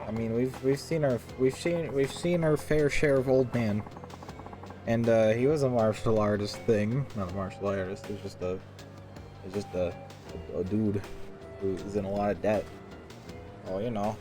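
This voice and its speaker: A man with a low voice rambles through casual game commentary, joking and swearing. Clear game music plays underneath. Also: fairly even intonation, moderate pace. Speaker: gamer. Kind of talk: casual let's-play commentary.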